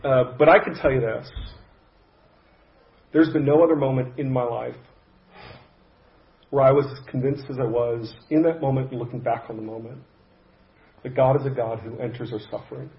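A man's voice: mid-range voice, fairly even intonation, muffled recording. Man preaching in a roomy hall. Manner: conversational, halting with restarts and soft pauses. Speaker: pastor. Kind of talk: sermon storytelling. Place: church sanctuary.

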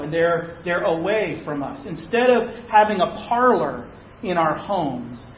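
In a dull, echo-filled room recording with a touch of background hiss or hum, a high-pitched male preacher recounts a story from his own life. He keeps it conversational and pokes fun at himself as he illustrates his sermon.

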